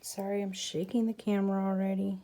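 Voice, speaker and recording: Here a woman runs a crafting channel, chatting with viewers as she works. Her voice sits at medium pitch with a dark tone, staying level and moving fairly quickly.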